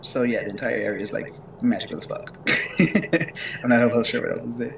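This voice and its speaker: A man running a tabletop game as game master, narrating haltingly with many fillers and frequent laughs. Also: medium pitch, steady tone, gravelly, roomy sound, recorded from a distance, slight background noise.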